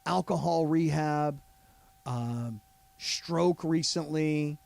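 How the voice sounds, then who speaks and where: A man co-hosting a sports radio show, telling a story with animated energy and quoting people in their voices. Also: a little high, extremely slow, gravelly. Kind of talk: casual sports radio banter.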